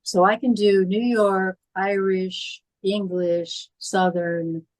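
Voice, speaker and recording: A woman's voice: medium pitch, little pitch movement, slow pace, darkish tone, no room sound, poor audio. Articulate older Midwestern woman, dry sound. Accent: Midwestern American. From Illinois, US Midwest. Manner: articulate, polished diction like a trained stage actor. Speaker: guest, horror film actress. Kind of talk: casual podcast interview.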